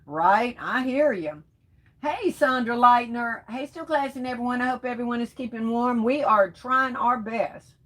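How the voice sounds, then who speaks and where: A woman's voice: fairly high pitch, normal speed, fairly bright tone, poor audio. A woman hosting a casual live stream, reading viewer comments aloud and answering them with pet names like baby and sweetheart in loose, folksy talk.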